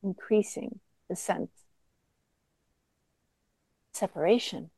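A woman teaching as a Zen teacher in a reflective dharma talk, mostly soft-spoken with sudden emphatic bursts. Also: lowish voice, very slow, creaky, breathy edge, no room sound, poor audio.

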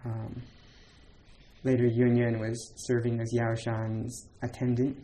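A man's voice: medium pitch, completely flat delivery, takes it slowly, mellow, slight background noise. A man giving a dharma talk as a Zen teacher, casual and chatty, with many fillers and laughs between points.

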